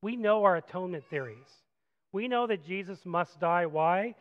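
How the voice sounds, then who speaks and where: Animated pastor guy preaching, kinda high voice, muffled lo-fi sound. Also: normal speed, in a large hall. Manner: animated, swings from loud acted quotes to quiet reflection. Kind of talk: sermon. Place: church sanctuary.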